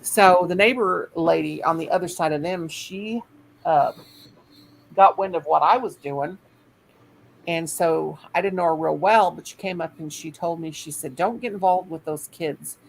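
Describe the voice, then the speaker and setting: A woman's voice: fairly low pitch, moderate pace, gravelly, slight background noise, rough recording. An older woman, a teacher, telling a rambling story in casual chat and acting out what other people said. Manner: rambling, animated quoting of others.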